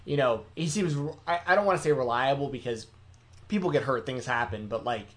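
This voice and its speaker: A man's voice: mid-range voice, a little fast, fairly bright tone. A man in mid-range chatting casually on a podcast. He talks hesitantly, stumbling over his words and restarting often. His tone stays easygoing and conversational. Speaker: podcast co-host. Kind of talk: casual wrestling podcast chat.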